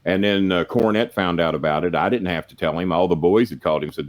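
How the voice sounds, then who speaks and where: A man's voice: low-pitched, quick pace. An older man, a former wrestling manager, telling rambling, profane stories as a podcast guest. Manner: rambling, profane, plain-spoken. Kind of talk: casual storytelling.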